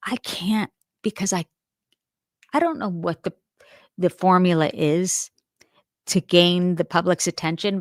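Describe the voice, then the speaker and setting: A middle-aged woman from New Jersey chats casually on a live stream, rambling and poking fun at herself. Her voice sits a little low, and the sound is dry and close with no room around it. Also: dry recording. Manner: chatty, rambling, self-deprecating. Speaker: true-crime show host.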